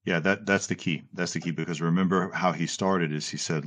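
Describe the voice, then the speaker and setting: A man discussing philosophy in casual conversation, animated and often restarting his words as he paraphrases an author. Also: sits low, fairly quick, hardly any pauses, no echo. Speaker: podcast co-host.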